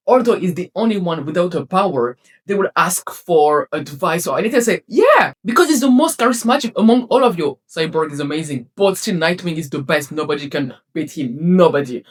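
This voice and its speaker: A woman vlogger ranting to camera about a TV series, passionate and exasperated, swinging between loud outbursts and low mutters. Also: husky. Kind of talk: casual rant to camera.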